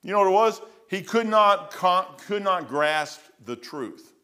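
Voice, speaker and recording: A man's voice: sits high, animated, a little slow, sharp tone, clean tone. A middle-aged man preaching, telling a story in a rambling way with many restarts. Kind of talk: sermon storytelling.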